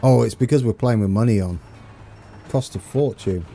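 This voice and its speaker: A man's voice: medium pitch, normal speed, creaky, warm tone. A man from the UK chatting casually with viewers on a live stream while playing a train game, rambling and chuckling as he reads chat. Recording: faint game music behind.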